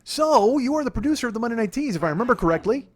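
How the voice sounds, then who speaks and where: A man in his forties hosting a podcast, telling a story in a casual, profane, animated way and laughing at his own retellings. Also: very high voice, racing. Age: 40s. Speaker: podcast host.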